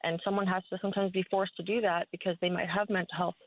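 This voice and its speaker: A woman's voice: fairly low pitch, level tone, fast talker. Earnest woman caller on a phone line. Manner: earnest, with many fillers and restarts. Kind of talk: phone-in opinion.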